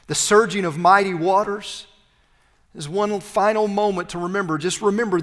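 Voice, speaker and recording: A male pastor preaching a sermon, swinging between loud, emphatic peaks and hushed, low phrases. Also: in a large hall.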